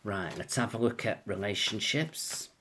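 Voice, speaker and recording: Man, casual astrology reading, rambling, reassuring, low-pitched. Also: expressive, unhurried, background noise. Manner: rambling, reassuring, repeats "I feel so". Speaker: astrologer and tarot reader.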